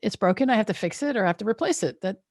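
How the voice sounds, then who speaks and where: A woman's voice: medium pitch, animated, racing, a little mellow, dry recording, clean studio sound. A woman hosting a podcast in casual chat, reflective and telling personal stories. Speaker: podcast host.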